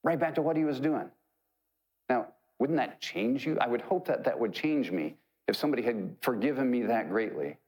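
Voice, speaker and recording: A man's voice: medium pitch, animated, moderate pace, darkish tone, rough recording. A man preaching a sermon, retelling a parable in a conversational, joking way. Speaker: pastor.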